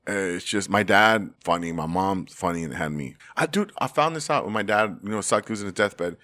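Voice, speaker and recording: Fast-talking animated comedian, man. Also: low voice. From Salvadoran family roots. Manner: animated storyteller, acts out quotes, laughs often. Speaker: comedian and host. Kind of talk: casual podcast chat.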